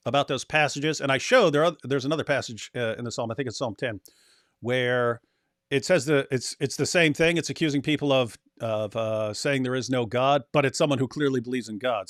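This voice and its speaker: A man's voice: mid-range voice, a bit bright, no echo, clean studio sound. A man co-hosting a livestream, chatting casually and joking while reading viewer comments aloud. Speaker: livestream co-host.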